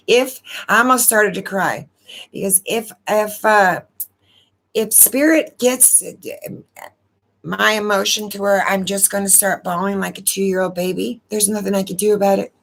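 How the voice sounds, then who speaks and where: A woman's voice: medium pitch, unhurried, vocal fry, long pauses, a bit bright. A woman hosting a casual live stream, talking in a rambling, emotional way and repeating words as she goes. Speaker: astrology channel host.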